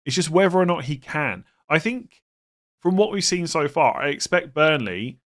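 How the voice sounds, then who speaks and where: Animated man giving opinions. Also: a little high, moderate pace. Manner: animated, opinionated, with frequent restarts. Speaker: fantasy football channel host. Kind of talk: casual opinion monologue.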